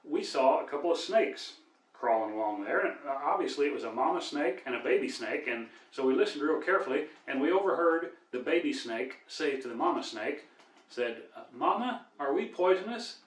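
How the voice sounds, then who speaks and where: An older man with a Midwestern accent telling deadpan folksy jokes as a cowboy entertainer. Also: medium pitch, fairly quick. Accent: American Midwest. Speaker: storyteller and cowboy singer. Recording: echoey room, mic at a distance.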